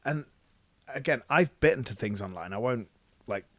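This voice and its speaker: A man's voice: medium pitch, animated, moderate pace, no echo. A middle-aged man hosting a podcast. He is easygoing, chuckles often and asks blunt questions. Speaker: podcast host. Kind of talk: casual interview.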